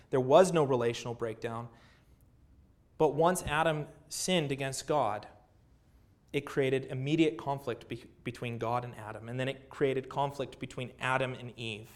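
Earnest pastor preaching. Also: male voice, mid-range voice, normal speed, darkish tone. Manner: earnest, rhetorical questions and repetition. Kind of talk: sermon.

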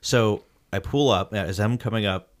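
Low-voiced man telling a wild story. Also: a little slow. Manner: animated storytelling with acted-out quotes; swears freely. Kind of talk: casual chat.

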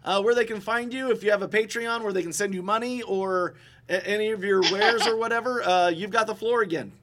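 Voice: mid-range voice, noisy background. A podcast host talking casually and inviting the guest to plug their show. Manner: casual, profane, quick asides.

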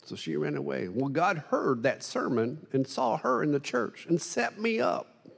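A man preaching a sermon, telling funny stories in an animated, self-deprecating way to a congregation. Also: fairly high pitch, measured pace, gravelly, breathy edge. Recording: long hall reverb.

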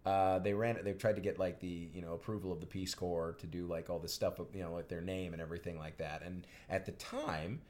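A man's voice: low voice, brisk, few pauses, a little hiss or hum. A man co-hosting a podcast, chatting casually about a movie with jokes and mock accents. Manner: animated, jokey, slips into mock accents. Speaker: podcast co-host. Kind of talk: casual movie-review chat.

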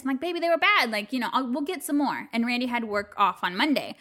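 A woman's voice: sits high, expressive, fast talker, hardly any pauses, a bit bright. A woman co-hosting a podcast in casual chat, telling stories animatedly, acting out quotes and swearing freely. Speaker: podcast co-host.

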